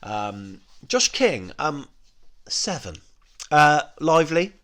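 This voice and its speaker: A man's voice: on the high side, big pitch swings, slow, a bit bright. A man hosting a football fan channel, rating players in a casual, rambling way, full of ums and you-knows and small self-corrections.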